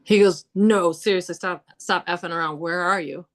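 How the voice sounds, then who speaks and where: Appearing as a podcast guest, a woman with a somewhat low voice tells casual stories about hauntings at a normal speed. She's animated and conversational, laughing, filling her speech with "like"s, and acting out what people said.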